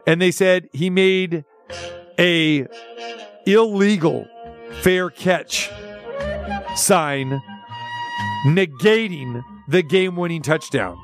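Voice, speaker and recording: A man hosting a sports talk radio show, telling stories in an animated, excitable way with stammered restarts. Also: high voice, very slow, pauses often, faint music behind.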